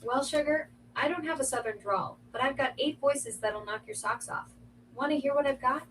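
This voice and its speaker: A synthetic woman voices a cheeky home assistant with a quick, teasing comeback for everything. Her tone sits a bit high. She plays out of a speaker across a noisy room. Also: fairly bright tone, recorded from a distance. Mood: chirpy. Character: sassy female smart-speaker assistant. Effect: played through a home smart speaker.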